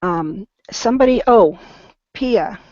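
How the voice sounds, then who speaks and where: A patient woman teaches English online, slowing down to model each word with gentle encouragement. The recording is dry and close, with a slightly dull, lo-fi tone. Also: mid-range voice, lively intonation, no room sound. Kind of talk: online pronunciation lesson.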